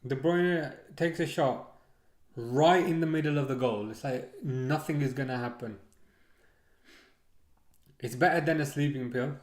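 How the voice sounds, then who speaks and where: A man's voice: mid-range voice, measured pace, long pauses. A man streaming a live football watchalong, chatting casually and ranting with many restarts. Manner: rambling, excitable rants with repeated restarts.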